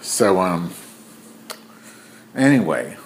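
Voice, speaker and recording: A man's voice: sits low, very animated, extremely slow, slight background noise. A man telling a rambling, profane anecdote to camera in a casual vlog. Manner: rambling and profane, with many fillers. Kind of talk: casual storytelling.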